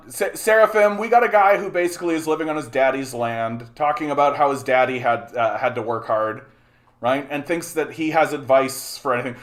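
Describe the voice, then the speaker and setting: A man's voice: on the high side, normal speed. Man ranting on a livestream. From Canada. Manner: heated, profane, repeats himself, stumbles on restarts. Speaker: livestream host.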